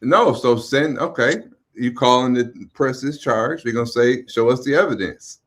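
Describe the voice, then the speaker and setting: A man's voice: mid-range voice, normal speed, fairly bright tone. A man co-hosting, explaining a point in casual, meandering chat.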